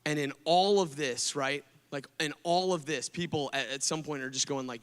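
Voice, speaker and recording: A man preaching a casual youth sermon to students, telling the story in an animated way full of "like" and "right?". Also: a little high, moderate pace, hardly any pauses, smooth. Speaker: speaker at a student event. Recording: long hall reverb.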